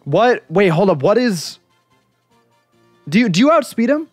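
High, animated young man joking. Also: unhurried, no echo, soft background music. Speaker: let's play co-host. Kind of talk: casual gaming banter.

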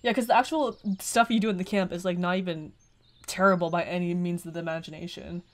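A woman's voice: on the low side, steady tone, fast talker. A young woman casually commenting on a visual novel game she is playing, rambling and swearing freely. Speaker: let's play gamer.

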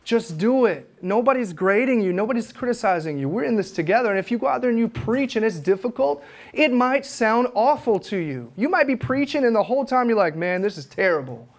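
Evangelist, man in his thirties, fervent storytelling sermon, voice sits a bit high. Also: lively intonation, brisk. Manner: fervent storytelling, acts out his own prayers. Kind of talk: conference teaching sermon.

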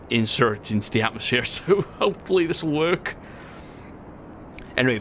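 A man's voice: mid-range voice, a bit bright. A man giving casual, chatty gameplay commentary, laughing often as he reads viewer comments. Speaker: gaming channel host.

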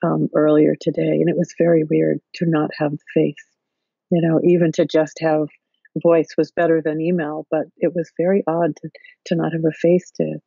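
A woman's voice: deep voice, little pitch movement, normal speed, gravelly, mellow, breathy edge, no echo, lo-fi sound. A woman guest on a podcast, talking over a video call, explaining ideas in careful steps with many fillers. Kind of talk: explanatory interview talk.

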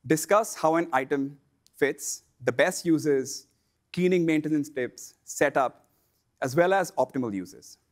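In a scripted lesson aimed at online sellers, a man speaks with a fairly high pitch, keeping his delivery measured and explanatory.

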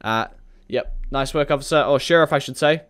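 A gaming video creator, male, provides chatty commentary on a police roleplay, frequently joking, laughing, and shouting orders at suspects. His mid-range voice moves fairly quickly and sounds a bit bright, clear, and resonant.

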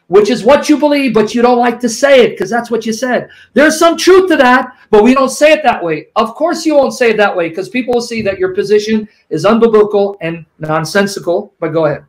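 A man debating theology, quoting scripture rapidly and pressing his opponent with pointed questions. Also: extremely high pitch, poor audio.

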